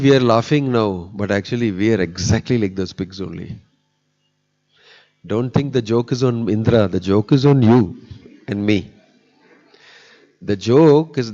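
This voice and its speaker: A man's voice: mid-range voice, a little mellow. A man giving a humorous, storytelling sermon as a monk, recorded on dull lo-fi audio. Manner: storytelling with humor, rising to emphatic peaks.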